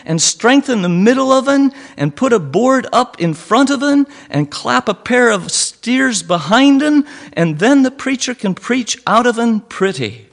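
A bright, excitable miner bursting with glee, as a preacher puts him on mid-sermon. His voice jumps high and loud, and he rattles off folksy with eager exclamations. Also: unhurried, few pauses, full character voice. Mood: gleeful. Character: eager, joyful poor old Cornish miner-preacher.

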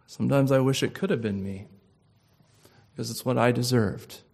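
A man preaching a sermon slowly and emphatically, building to loud, impassioned peaks. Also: medium pitch, creaky, husky.

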